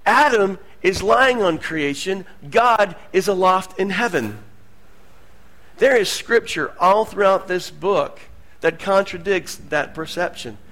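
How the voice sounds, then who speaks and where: A man preaching a sermon as pastor, moving between hushed asides and loud, emphatic lines. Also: high-pitched, expressive, slow pace.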